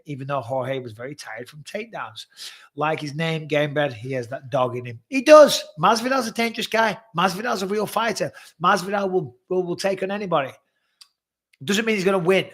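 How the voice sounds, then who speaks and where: A man's voice: fairly high pitch, fairly quick, fairly bright tone. A man, hosting a casual live stream, joking, teasing and swearing freely. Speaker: podcast host.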